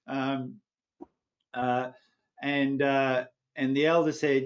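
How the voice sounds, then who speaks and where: Male mindfulness teacher, relaxed storytelling, slow, muffled video-call audio. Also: medium pitch. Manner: relaxed storytelling, chuckles, checks in with listeners. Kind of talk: telling a parable in an online class. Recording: muffled online class audio.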